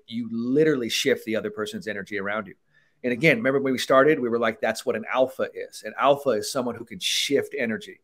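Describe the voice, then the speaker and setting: A man hosting a casual podcast, coaching in an animated way, swearing freely and acting out quoted lines. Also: medium pitch. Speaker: podcast host, mental performance coach.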